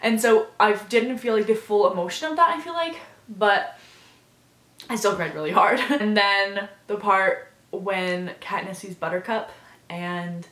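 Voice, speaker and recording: A woman's voice: medium pitch, measured pace, fairly bright tone, reverberant. A woman vlogger giving a casual, effusive review, gushing and filling her talk with fillers.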